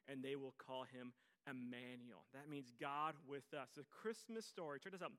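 Bright-voiced pastor with sweeping dynamics. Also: male voice, a little high. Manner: dynamic, swings from loud bursts to hushed near-whispers; tells stories and acts out quoted voices. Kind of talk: sermon.

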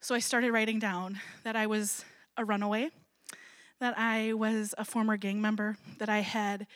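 A woman's voice: medium pitch, flat delivery, moderate pace, dry recording, clean studio sound. A middle-aged woman from Wisconsin, a ministry founder telling her personal testimony at a church gathering, chatty and self-deprecating with frequent little laughs. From Wisconsin, USA. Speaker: ministry founder, guest speaker.

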